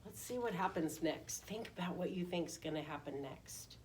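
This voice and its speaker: A woman preschool teacher reading a picture book aloud in an animated way, often asking the children questions. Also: fairly low pitch, normal speed, a little hiss or hum. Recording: voice distant from the mic.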